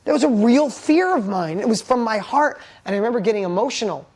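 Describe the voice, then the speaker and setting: A man's voice: high-pitched, expressive, quick pace. A middle-aged man and business owner giving an emotional motivational talk, intense and heartfelt, blunt with casual swearing. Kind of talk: emotional personal storytelling.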